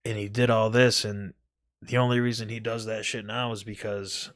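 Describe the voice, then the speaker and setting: A man's voice: lowish voice, little pitch movement, normal speed, no echo, studio quality. A man telling a rambling, profane story about a gaming friend from his home gaming setup, full of restarts and quoted dialogue. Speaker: gaming video host. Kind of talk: casual storytelling monologue.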